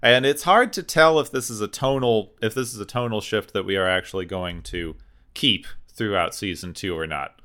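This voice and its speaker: Podcast co-host, male, low-ish bright voice, rambling recaps. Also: normal speed. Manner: recaps plot in long run-on sentences. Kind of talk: casual podcast discussion.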